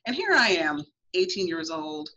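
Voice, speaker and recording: This guest author's voice is fairly low for a woman, sing-song, bright and forceful, at a normal speed. She recounts her own story on a radio talk show with earnest emphasis, reenacting her past thoughts, heard through lo-fi radio sound.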